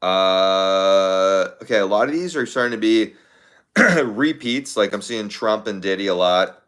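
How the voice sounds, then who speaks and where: Man, livestream host, casual chat, slightly low voice, offhand, thinking aloud. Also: lively intonation, a little slow, fairly bright tone. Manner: offhand, thinking aloud, with fillers and repeated phrases. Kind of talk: casual chat reading viewer comments.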